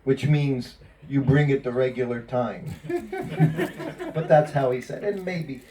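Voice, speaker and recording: A man's voice: medium pitch, takes it slowly, crowd noise. Man telling stories, recorded from afar. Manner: laughs often, quotes others in lively asides. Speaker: former personal servant recalling memories. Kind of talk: casual storytelling to a small group. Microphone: phone or camera from a distance. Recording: distant phone recording.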